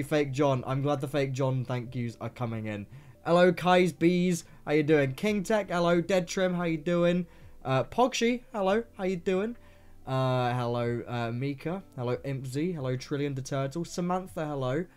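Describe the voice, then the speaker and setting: A man hosting a casual livestream from his home desk, rattling off quick greetings to viewers in an upbeat way. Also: mid-range voice, clear, resonant tone. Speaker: streamer host.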